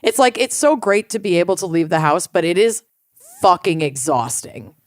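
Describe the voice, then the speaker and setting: A woman's voice: on the low side, sing-song, normal speed, no echo. A woman co-hosting a podcast, chatting casually and enthusiastically with her friend. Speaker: podcast co-host. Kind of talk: casual chat.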